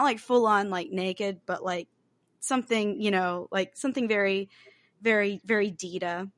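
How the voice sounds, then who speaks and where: A woman co-hosts a podcast, casually chatting about a film in a mid-range, fairly bright voice with no echo. She talks freely, using lots of fillers and the odd swear word.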